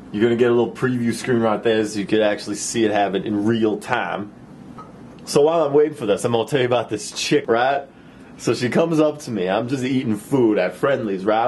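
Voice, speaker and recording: A man's voice: medium pitch, a little mellow, a little hiss or hum. Profane man rambling through a tutorial. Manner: profane, rambling, keeps asking "right?". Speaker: software tutorial maker. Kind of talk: casual screen-recorded tutorial with rambling story.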